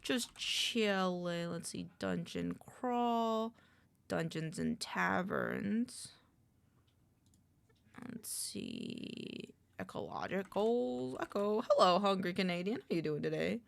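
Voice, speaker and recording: A woman's voice: lowish voice, wildly swooping pitch, slow pace, vocal fry, dry recording. A woman streamer in casual live-stream chat at a desk microphone, rambling, muttering lists to herself and greeting her chat.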